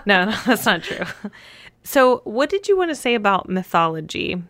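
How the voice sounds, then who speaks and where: A woman's voice: medium pitch, big pitch swings, normal speed, a bit bright, no room sound. A woman co-hosting a podcast in a bubbly, giggly way, with lots of "like". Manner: bubbly, giggly, uses "like" a lot. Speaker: podcast co-host. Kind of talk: casual podcast chat.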